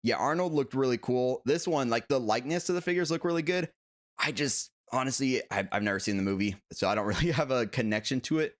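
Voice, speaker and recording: Guy running a chill live stream, reads comments out loud, kinda rambly and hyped, mid-pitch voice, lots of ums and restarts. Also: quick pace. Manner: excitable, rambling, reads viewer comments aloud; frequent fillers and self-corrections. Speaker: collectibles channel host. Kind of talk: casual live-stream chat.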